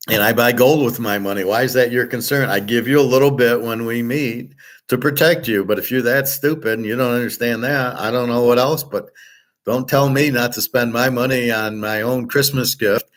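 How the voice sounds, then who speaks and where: A man's voice: medium pitch, steady tone, moderate pace. A middle-aged man talking in a blunt, profane, rambling way, full of fillers, as host of a casual monologue.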